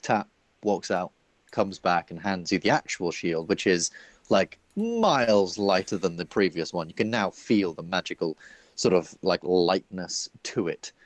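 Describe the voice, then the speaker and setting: A man narrating as game master of a tabletop game, chatty and quick to laugh. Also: low voice, animated, no room sound. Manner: chatty, laughing, lots of fillers.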